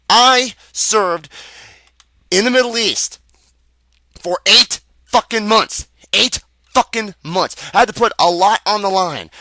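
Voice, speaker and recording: A man's voice: high voice, bright, forceful tone, no room sound. Angry, profane young man ranting. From United States. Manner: profane, heated, emphatic. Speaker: video ranter. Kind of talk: angry improvised rant.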